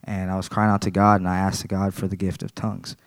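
A man's voice: low voice, little pitch movement, quick pace, no room sound. A man giving a personal church testimony, earnest and plain-spoken, repeating his phrases.

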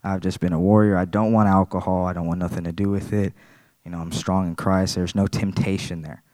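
Very deep-voiced guy telling his testimony at church, earnest, plain words, keeps repeating himself. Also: flat delivery, brisk, dark tone, no echo. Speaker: church member giving testimony. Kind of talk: spoken personal testimony.

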